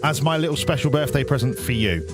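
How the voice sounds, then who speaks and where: A man's voice: mid-range voice, expressive, fast talker, over music. A man live streaming, chatting with his viewers and teasing them in a joking way. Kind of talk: casual stream chat with viewers.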